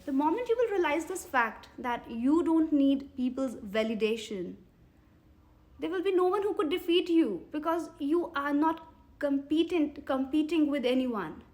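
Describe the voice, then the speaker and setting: A woman's voice: high-pitched, lively intonation, darkish tone. A woman in her thirties with an Indian English accent, coaching English learners on a live stream, coaxing viewers and reading their comments aloud. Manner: earnest, coaxing, repeats questions to viewers; pauses to read and answer viewer comments. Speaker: English teacher.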